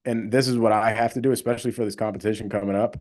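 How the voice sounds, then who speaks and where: A man's voice: lowish voice, steady tone, rapid-fire, darkish tone. A young man hosting a casual livestream, talking emphatically and rambling with lots of fillers. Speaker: livestream host, real estate wholesaler.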